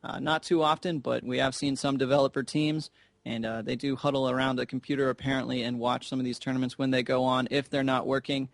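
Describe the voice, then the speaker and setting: A man casting an online game tournament, chatty and rambling, with jokes thrown in. His voice sits at an ordinary middle pitch. The sound is close and dry, from a headset mic. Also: little pitch movement, fast, gravelly, dry recording. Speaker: esports caster. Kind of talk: casual game commentary.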